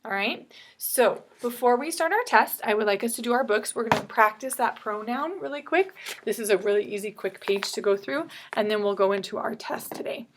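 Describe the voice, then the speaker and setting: A woman teaching an online reading lesson, brisk and explanatory, checking in with "okay?" after each point. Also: fairly high pitch, lively intonation, noisy background. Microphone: computer mic with screen share.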